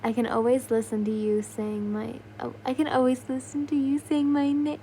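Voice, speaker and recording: A woman's voice: sits high, little pitch movement, warm tone, slight background noise. Doma, a woman doing a purring flirt. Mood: adoring. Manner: slow, purring, doting.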